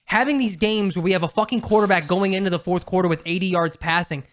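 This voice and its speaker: A man's voice: sits high, fast talker, fairly bright tone. Blunt, emphatic man on a sports podcast. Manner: emphatic, blunt, swears casually. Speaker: podcast co-host. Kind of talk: casual sports podcast chat.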